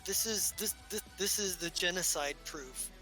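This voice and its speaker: A man voicing a nervous, evasive male scientist in a tabletop game, halting, stammering and overly polite. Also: high-pitched, sharp tone, faint music behind, low-quality recording.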